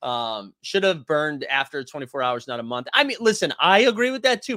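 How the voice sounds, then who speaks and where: Man hosting a live stream, forceful bright voice, dry close sound, talks loud and animated, reads chat. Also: on the high side, fairly quick, no echo. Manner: loud, animated, yells often; reads and answers chat comments. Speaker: host of a basketball live stream.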